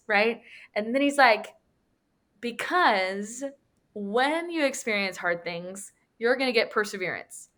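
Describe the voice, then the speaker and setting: Animated woman telling a story. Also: mid-range voice, measured pace. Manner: animated storyteller, acts out quotes, laughs often. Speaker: Bible study teacher. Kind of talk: conversational Bible teaching with storytelling.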